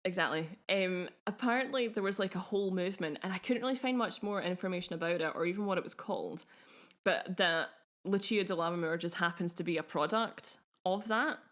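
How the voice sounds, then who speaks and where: A woman's voice: on the low side, fairly quick, fairly bright tone. A young woman co-hosting a podcast, talking in an easy, enthusiastic way and laughing often. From Scotland. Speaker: podcast co-host. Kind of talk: casual podcast chat.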